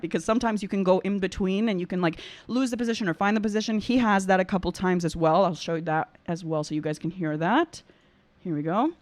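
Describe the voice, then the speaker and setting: A woman's voice: mid-range voice, no echo. Enthusiastic woman vocal coach, dry sound. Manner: enthusiastic, effusive, sings short examples. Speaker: opera singer and vocal coach reacting. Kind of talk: casual reaction commentary with sung demos.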